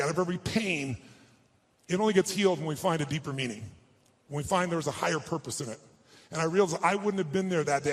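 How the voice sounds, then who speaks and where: A man giving a motivational speech and telling a personal story to an audience. He sounds heartfelt, slows down for emotional moments, and turns persuasive and rallying. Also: on the high side. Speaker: motivational speaker.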